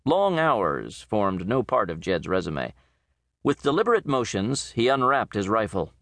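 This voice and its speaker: Man reading a story aloud, expressive and steady, voice moves up and down a lot, close dry mic. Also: lowish voice, unhurried, dry recording. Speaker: audiobook narrator. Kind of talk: scripted narration.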